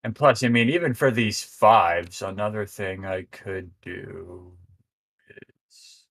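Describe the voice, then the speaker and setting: Husky low-voiced man in casual chat. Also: slow pace, a bit bright. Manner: laid-back, swears casually. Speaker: game server admin. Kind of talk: casual chat while building a map.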